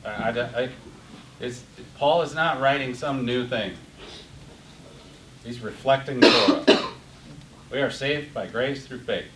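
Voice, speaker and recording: A man's voice: medium pitch, measured pace, long pauses, a bit bright. Guy leading a bible class, fired up, recorded from across a roomy space w a bit of hiss. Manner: passionate, gets worked up, repeats words. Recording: roomy, distant, faint hiss.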